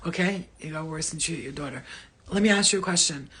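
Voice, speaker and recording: A woman's voice: deep voice, a little fast, fairly bright tone, husky. A woman hosting a psychic live stream from home, rambling and blunt with frequent swearing, her throat dry. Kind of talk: casual live-stream reading.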